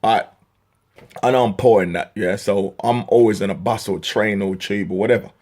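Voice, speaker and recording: A man's voice: on the low side, moderate pace, darkish tone. A young man from England ranting to camera in an exasperated, swearing comic style, his voice jumping up when worked up. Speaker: vlogger.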